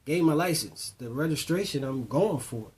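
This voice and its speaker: Brief: man, mid-pitched voice, conversational storyteller, voices the other people in his stories. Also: expressive, moderate pace, darkish tone, slightly rough. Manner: conversational, retells dialogue in voices, repeats "boom". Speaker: storyteller addressing youth. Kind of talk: casual spoken storytelling.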